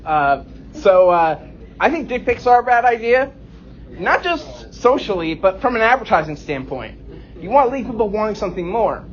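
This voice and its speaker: Twenty-something guy doing standup, high voice that swings around, self-deprecating, kinda muffled recording. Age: 20s. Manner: self-deprecating, deadpan punchlines. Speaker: stand-up comedian. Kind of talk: stand-up set. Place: comedy club stage. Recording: dull lo-fi recording.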